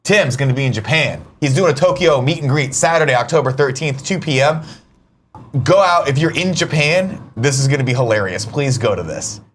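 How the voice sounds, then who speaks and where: A man's voice: medium pitch, animated, fairly quick, a bit bright, a little hiss or hum. A man co-hosting a casual morning show from an office studio, teasing and emphatic in his banter. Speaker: co-host.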